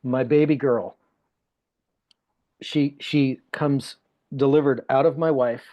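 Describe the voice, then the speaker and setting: Guy guesting on a podcast, earnest and emotional, repeats stuff for emphasis, mid pitch. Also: steady tone, slow, warm tone. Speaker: guest speaker. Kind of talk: personal storytelling in conversation.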